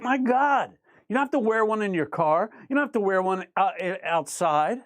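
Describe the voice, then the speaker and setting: Reading out viewer comments during his live show, a male host argues back in an emphatic, repetitive rant. His voice sits high, expressive and fairly bright, moving at normal speed with no echo.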